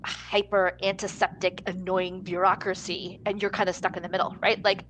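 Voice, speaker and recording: A woman's voice: medium pitch, flat delivery, moderate pace, rough recording. A woman co-hosting a podcast, chatting casually as she recaps a TV episode and acts out the characters' lines. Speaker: podcast co-host.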